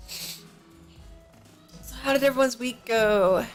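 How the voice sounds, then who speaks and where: A woman's voice: a little high, fairly even intonation, slow, long pauses. A woman live streamer chatting casually at her home desk setup, drowsy and yawning, a bit out of it and rambling, into a professional desk microphone. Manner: rambling, slightly out of it. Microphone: professional-grade desk microphone. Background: faint music from a neighbor.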